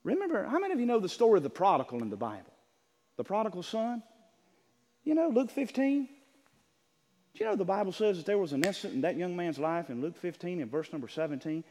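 A man preaches with a strikingly high voice that rises and falls in lively swings. He drops low for quiet asides, then climbs into loud, shouted stretches. The sound rings with the long reverb of a church hall. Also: fast. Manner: builds from low talk to shouted preaching, acts out quotes. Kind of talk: sermon.

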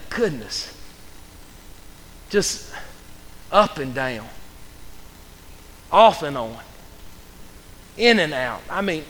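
A man preaching a sermon with fervent, repetitive delivery that builds to loud bursts. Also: high-pitched. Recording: long hall reverb.

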